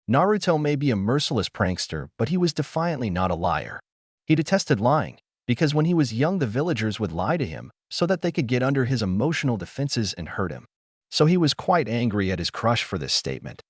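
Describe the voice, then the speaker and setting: A man reading a fan story aloud as narrator, with wry, animated storytelling. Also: mid-range voice, brisk, no room sound, studio quality.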